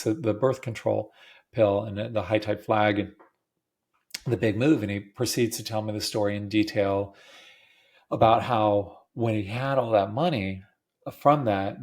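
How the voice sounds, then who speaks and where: A man's voice: fairly low pitch, a little mellow. A middle-aged man hosting a podcast, telling a personal story in a rambling, casual way with many fillers and restarts. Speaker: podcast host.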